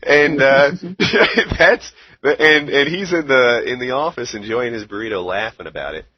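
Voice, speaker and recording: A man hosting a podcast, telling a story in a casual, animated way with many fillers. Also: medium pitch, normal speed, slight background noise. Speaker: podcast host. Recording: dull lo-fi podcast audio.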